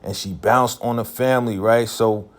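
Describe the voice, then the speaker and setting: A man's voice: fairly low pitch, fairly even intonation, moderate pace. A man casually recapping a TV episode in a laid-back, slangy way, full of filler phrases.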